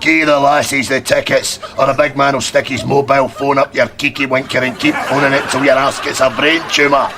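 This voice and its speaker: An actor playing a crude, bullying Scottish cinema bouncer hurling threats and insults. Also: male voice, mid-range voice, flat delivery, fairly quick, hardly any pauses, background noise, natural voice. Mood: threatening.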